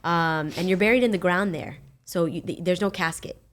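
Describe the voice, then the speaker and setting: A woman's voice: on the low side, moderate pace. A woman, a guest on a podcast, sharing a personal family story in an open, heartfelt way.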